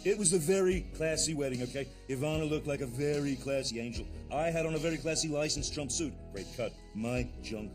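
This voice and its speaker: A smug tycoon narrates his own boasts, voiced by a man, crude and pleased with himself. His voice sits a little high, with loud music playing under it. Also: a little fast, few pauses, lightly acted. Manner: bragging, crude. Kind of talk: comic voice-over narration.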